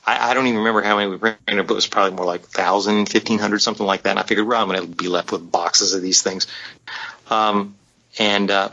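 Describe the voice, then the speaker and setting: A man's voice: lowish voice, pushed and bright. A man telling a long story as a podcast guest, rambling with many fillers and restarts. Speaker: guest, publisher. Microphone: on the phone line. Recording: dull lo-fi sound.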